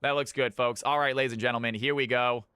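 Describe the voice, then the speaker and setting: A man from California hosting his stream's viewer games, chatting casually with his viewers, brisk and swearing freely. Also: mid-range voice, steady tone, bright, forceful tone, clear, resonant tone, no room sound, studio quality. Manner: brisk, swears, talks to chat. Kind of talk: casual live-stream chat.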